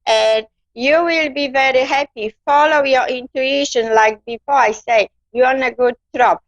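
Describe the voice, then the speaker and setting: A woman giving a gentle live-stream psychic reading, calling her listener darling. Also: high voice, unhurried, no echo. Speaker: psychic card reader. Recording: dull lo-fi dry sound.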